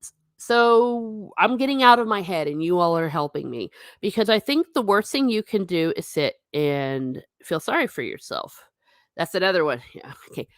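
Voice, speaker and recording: Chatty woman with a lively, low voice. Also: normal speed, no echo, studio quality. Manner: chatty, laughs often, self-mocking asides. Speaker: livestream host reading viewer chat. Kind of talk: casual livestream chat.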